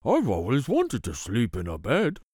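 A small toy teddy bear from a bedtime storybook, curious and wonder-struck, as a man reads him. The voice rises and falls with lively wonder. It sounds dry and close. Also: medium pitch, moderate pace, no room sound.

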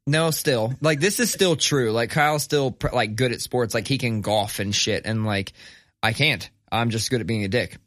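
A man's voice: medium pitch, normal speed, a bit bright, no room sound, clean studio sound. Profane laid-back young male podcast host. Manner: profane, laid-back, laughs through stories. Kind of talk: casual storytelling chat.

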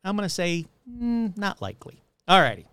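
Brief: lively male host spinning spooky tales, pitch jumping around, slightly high voice, dry close sound. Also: clear, resonant tone, no echo. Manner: animated, jokey, quick asides. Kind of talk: casual paranormal storytelling.

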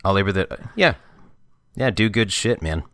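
A man's voice: fairly low pitch, expressive, normal speed, a bit bright, no echo, clean studio sound. A man co-hosting a podcast, sarcastic and blunt, swearing freely as he rates quotes. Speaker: podcast co-host. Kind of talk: casual comedic chat.

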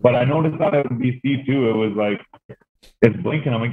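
Over a tinny, phone-like line, a man with a mid-range voice talks a little fast in casual chat, spinning rambling stories full of fillers and swearing.

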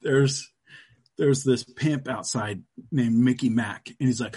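A man's voice: mid-range voice, fairly even intonation, moderate pace, darkish tone. A middle-aged man, a guest on a podcast, chatting casually in a loose, crude storytelling way. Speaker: guest, comic book creator.

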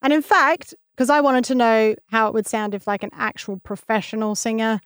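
A young woman with a fairly high, smooth voice co-hosts a podcast. She explains ideas with eager enthusiasm, in a dry, close recording. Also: normal speed, no echo. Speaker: podcast co-host. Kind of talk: casual chat on a science podcast.

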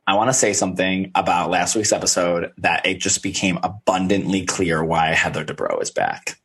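A man with a fairly low voice co-hosts a recap podcast. He talks in loose, rambling casual chat, full of fillers and the odd swear word. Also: fairly even intonation, moderate pace, fairly bright tone, husky. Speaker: podcast co-host.

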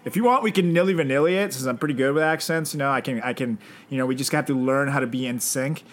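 A man co-hosting a casual podcast, playful and animated, talking with a slight lisp. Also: medium pitch, quick pace. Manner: animated, playful, jokes around with put-on voices. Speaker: podcast co-host.

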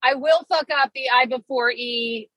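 A woman's voice: high-pitched, moderate pace, fairly bright tone, no room sound, low-quality recording. A woman in her forties co-hosting a podcast, chatting in a teasing, storytelling way. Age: 40s. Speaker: podcast co-host. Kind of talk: casual chat. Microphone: podcast microphone.

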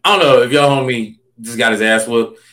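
A male stand-up comic spinning backstage anecdotes in a relaxed, rambling way. His voice sits at a middling pitch and his talk is packed with "you know" and restarts. He sounds easygoing and animated as a guest. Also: fairly quick. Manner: loose, filler-heavy, animated anecdotes. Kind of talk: casual storytelling chat.

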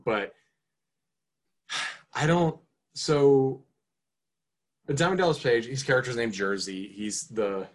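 Speaking a little low, this podcast co-host loosely chats through a film review. He meanders with fillers and restarts, and his pitch climbs whenever excitement takes over.

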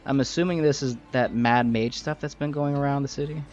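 A man's voice: medium pitch, steady tone, brisk, a little mellow, soft background music, pitched above the performer's own voice, natural voice. A man voicing a dry, knowing female mage in a tabletop game, in a slightly muffled recording.

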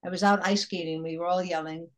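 An older woman actress with a husky voice, telling animated anecdotes as an interview guest. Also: fairly low pitch, quick pace. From Chicago area. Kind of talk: casual interview chat.

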